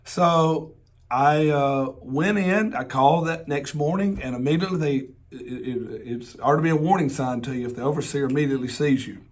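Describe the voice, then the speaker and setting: A man with a Southern accent, hoarse from laryngitis, preaching a personal storytelling sermon in a folksy way, with joking asides and repeated rhetorical questions. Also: a little high, moderate pace. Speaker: pastor.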